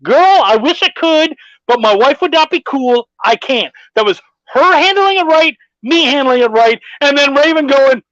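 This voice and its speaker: A man's voice: very high-pitched, expressive, moderate pace, fairly bright tone, no echo. Laid-back male host, dull dry audio. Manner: profane, storytelling, laid-back. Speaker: podcast host. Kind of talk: casual podcast chat, reading viewer comments.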